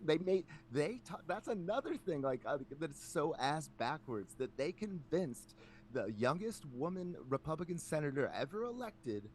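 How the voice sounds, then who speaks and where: A man hosting a casual podcast, ranting in an animated way with lots of filler words. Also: a little high, normal speed, slight background noise. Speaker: podcast host.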